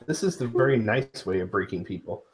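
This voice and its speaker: A woman's voice: very deep voice, expressive, a little fast, a little mellow, husky. A woman co-hosting a casual livestream chat, dry and teasing while she handles technical problems. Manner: dry, teasing, busy with tech. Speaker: co-host.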